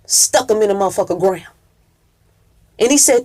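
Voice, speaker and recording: A woman's voice: mid-range voice, animated, normal speed, warm tone. A woman telling a story in an emphatic, preacher-like cadence, full of cursing and call-and-response. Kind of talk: profane preacher-style storytelling.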